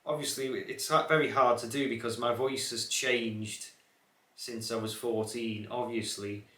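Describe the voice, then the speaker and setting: A man's voice: mid-range voice, steady tone, a little slow, pushed and bright. Young man with a light Scouse accent. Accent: watered-down Scouse. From Liverpool area, England. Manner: rambling, many fillers and restarts. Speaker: car channel host. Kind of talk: casual reflective chat to camera. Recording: echoey room.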